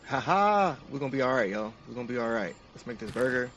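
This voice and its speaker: A man's voice: medium pitch, steady tone, rapid-fire, a bit bright, far from the mic, muffled recording, a little hiss or hum. A man narrating each step of a game to his stream chat in an upbeat, casual way.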